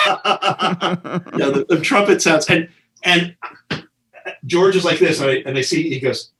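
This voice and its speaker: A man's voice: fairly high pitch, unhurried, long pauses. A middle-aged man, a film director, telling behind-the-scenes stories in an interview and acting out the people he quotes. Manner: animated storyteller who acts out quotes with big voices. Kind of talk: storytelling in an interview.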